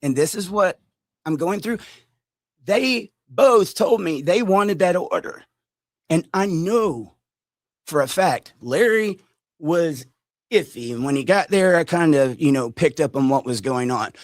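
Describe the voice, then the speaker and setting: A man vlogging a story to his viewers, animated and direct, acting out quotes as he goes. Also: fairly high pitch, unhurried, no echo. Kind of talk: storytime vlog.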